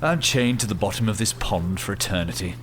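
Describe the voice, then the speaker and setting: A man's voice: lowish voice, expressive, brisk, a bit bright, a little hiss or hum. An actor playing a cheerful, chatty man chained underwater in hell, speaking nonchalantly in an audio drama. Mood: chirpy.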